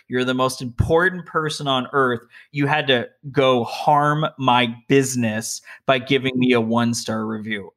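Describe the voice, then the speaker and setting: Male interview host, bright forceful voice, chatty and rambling. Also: mid-range voice. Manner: chatty, rambling questions with many fillers. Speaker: podcast host interviewing a guest. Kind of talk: casual interview questions.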